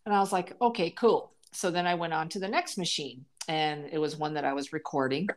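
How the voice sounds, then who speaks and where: A woman co-host telling a casual story on a podcast in an animated, emphatic way. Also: low voice, fairly quick.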